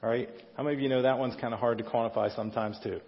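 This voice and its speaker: A man's voice: mid-range voice, fairly even intonation, rapid-fire. A middle-aged male pastor preaching a conversational sermon, often asking the congregation questions. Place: church sanctuary. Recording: dull sound in a reverberant hall.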